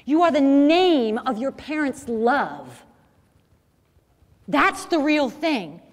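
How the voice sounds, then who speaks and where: A woman's voice: high voice, sing-song, slow pace, big-room sound. A middle-aged woman giving an emphatic, preachy talk to a young audience, full of rhetorical questions. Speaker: speaker.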